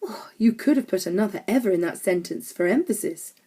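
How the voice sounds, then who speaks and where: A woman's voice: medium pitch, unhurried, mellow, natural voice. A woman reading an audiobook, voicing a dry, pedantic boy who mutters wry remarks.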